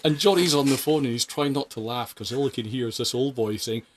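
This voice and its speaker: A British man hosting a podcast, chatting casually and telling work stories in a relaxed, wry way. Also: mid-range voice, fast, a crowd in the background. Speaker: podcast host. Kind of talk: casual storytelling chat.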